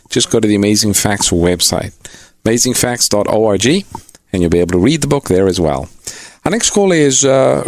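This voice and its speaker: A man co-hosting a call-in radio program, giving out the phone number and introducing callers. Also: mid-range voice. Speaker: radio co-host taking calls.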